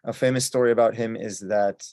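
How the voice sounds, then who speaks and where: A man telling a folk tale at a story swap in a relaxed, chatty way with small restarts. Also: lowish voice, fairly quick, no room sound.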